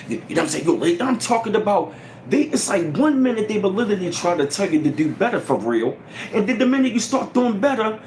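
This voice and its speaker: Animated, ranting man in echoey room. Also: high voice, a little hiss or hum. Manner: animated, profane, repetitive ranting. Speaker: channel host. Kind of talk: casual ranting livestream.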